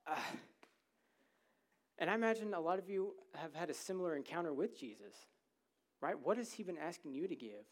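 A man delivers a sermon to his congregation in a church, with a voice pitched somewhat high for a man. He talks in a loose, conversational way, joking with the crowd and often asking "right?" to pull them along. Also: expressive, a little fast, long pauses. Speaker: preacher.

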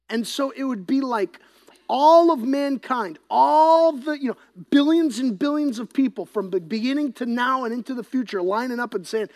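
Pastor, sermon, gravelly, impassioned, loud then whispered, middle pitch. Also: a little slow. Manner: impassioned, swings between loud emphasis and hushed whispering.

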